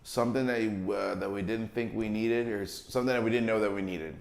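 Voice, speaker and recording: A man's voice: on the low side, fairly even intonation, a little fast, creaky. A man co-hosting a livestreamed podcast, chatting casually with slangy banter and frequent laughter. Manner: laid-back slangy banter, laughs often. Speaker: podcast co-host. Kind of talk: casual chat. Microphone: livestream mic. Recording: echoey room.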